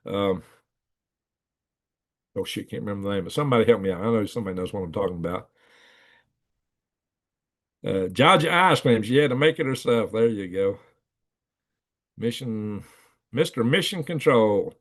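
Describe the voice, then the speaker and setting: A man's voice: fairly low pitch, animated, normal speed, pauses often. A middle-aged man, hosting a livestream, rambling casually and chuckling as he acts out the voices in his stories. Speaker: livestream host. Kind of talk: casual storytelling to live chat.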